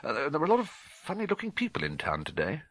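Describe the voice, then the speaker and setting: A man reads a jittery, stiff British homeowner whose voice lifts high and wavers as he stammers. The pitch swings widely, slightly husky, in a dry close booth. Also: huge pitch swings, quick pace, fairly bright tone, no echo, exaggerated voice. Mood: nervous. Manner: stammering, hesitant. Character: nervous stuffy middle-aged male homeowner.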